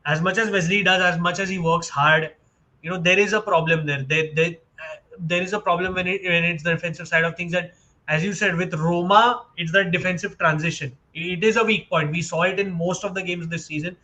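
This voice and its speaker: A man's voice: high voice, fairly even intonation, fairly quick, bright, forceful tone, rough recording. A man from India co-hosting a live football chat, switching between English and Hindi and correcting himself readily. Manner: mixes English and Hindi mid-sentence; laughs easily, self-correcting. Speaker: podcast co-host. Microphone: live stream setup.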